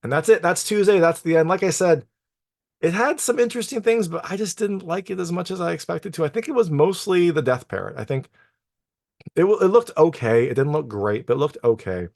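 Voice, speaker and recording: A man's voice: a little high, expressive, brisk, creaky, darkish tone, no echo. Chatty male film reviewer, dry sound. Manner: loose and chatty, peppered with "like" and "you know". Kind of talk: casual spoken plot recap.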